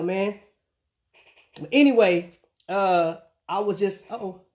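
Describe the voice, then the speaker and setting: A man with a high-sitting, darkish voice speaks a bit slowly and pauses often. While hosting a casual live stream, he talks loosely with his viewers in laid-back slang, saying "man" and "bro" in most lines.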